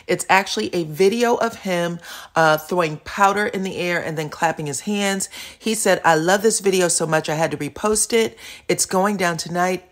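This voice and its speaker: A woman hosting a gossip commentary channel, chatting casually and recounting social media posts with asides. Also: lowish voice.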